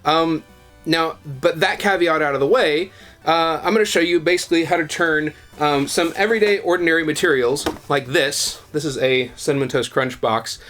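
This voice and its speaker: A man hosting a video channel, giving a casual how-to tutorial in a relaxed, chatty way with plenty of ums and uhs. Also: fairly high pitch, normal speed, soft background music.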